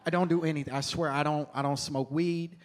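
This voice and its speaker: A man's voice: a little high, steady tone, brisk. A young man doing stand-up comedy in a wry, chatty way, chuckling at his own lines on a stage mic. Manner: wry, conversational, laughs at his own jokes. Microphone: handheld stage mic.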